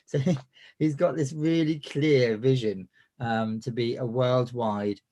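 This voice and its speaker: A man's voice: medium pitch, fairly even intonation, takes it slowly, warm tone. A man with a cold and a cough, hosting a business coaching webinar in a chatty style full of fillers and restarts. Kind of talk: live webinar presentation.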